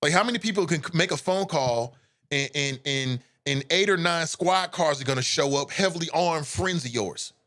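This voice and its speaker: A man's voice: on the high side, moderate pace, a bit bright. A man hosting a live show at home, giving blunt, impassioned and profane opinion commentary.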